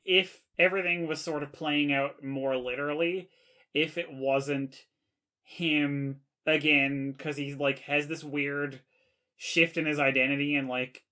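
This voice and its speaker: A man appearing as a podcast guest, rambling and animated in a casual film discussion. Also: a little high, a little slow.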